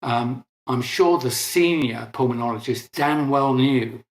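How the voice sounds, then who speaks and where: A man's voice: mid-range voice, unhurried, roomy sound. An older man, a guest in an interview, explaining technical points in detail and correcting himself often. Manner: detailed, technical, with frequent restarts and self-corrections.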